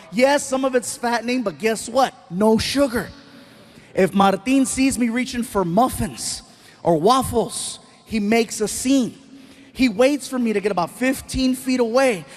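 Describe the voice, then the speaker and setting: A man telling stand-up comedy stories in an animated, self-mocking way. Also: high voice. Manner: animated, self-mocking, acts out the voices of others.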